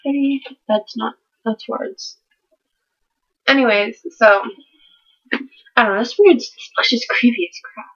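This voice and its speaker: A woman's voice: a little high, unhurried, long pauses, fairly bright tone, slightly rough. A teenage girl rambling about her books in a hyper, giggly way, vlogging at home. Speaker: book vlogger. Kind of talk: casual chat to camera. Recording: dull lo-fi webcam audio.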